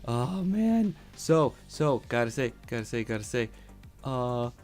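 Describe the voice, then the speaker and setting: A man's voice: mid-range voice, normal speed, faint music behind. A young man streaming live, gushing thanks to his viewers with many fillers and repeated words. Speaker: VTuber streamer. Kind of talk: excited live-stream chat.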